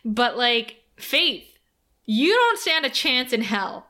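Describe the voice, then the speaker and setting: A young woman hosting a podcast, recapping an episode in casual, animated chat with laughter and swearing. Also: a little high, takes it slowly. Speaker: podcast host.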